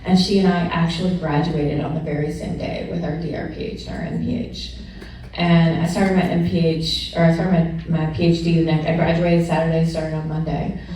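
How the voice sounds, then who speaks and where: A middle-aged woman, an honored alumna, shares candid personal stories with an audience at a celebration, laughing often and sometimes growing emotional. Her low, dark voice is brisk with little pitch movement. The recording is distant and echoey, from a large event room with a faint hiss or hum.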